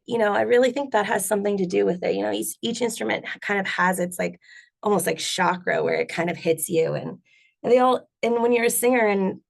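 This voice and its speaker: A woman singer and bassist chatting in an interview, rambling with lots of fillers. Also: brisk, vocal fry. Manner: rambling, many fillers, laughs often. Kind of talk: casual interview chat.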